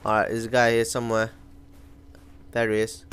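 A young man giving live gameplay commentary, excitable and ranting with sudden outbursts, his voice going hoarse. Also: fairly high pitch, normal speed. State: losing his voice. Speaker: gaming commentator.

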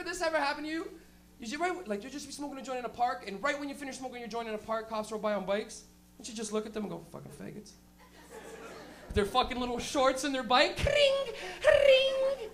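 A stand-up comedian doing a live set, rowdy and profane, breaking into loud shouted impressions. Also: high-pitched, a little hiss or hum.

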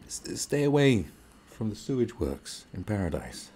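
A man's voice: on the low side, very animated, measured pace, warm tone, slight background noise. A British man hosting a podcast, delivering a sarcastic, profane rant. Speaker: podcast host. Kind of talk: podcast monologue.

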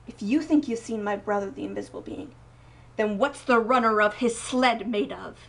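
A woman voicing a stern, wise young woman who questions others calmly and firmly. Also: mid-range voice, normal speed, natural voice. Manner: calm and firm, turning sharp and forceful. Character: stern, wise young woman guarding her brother's home. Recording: voice a bit distant from mic.

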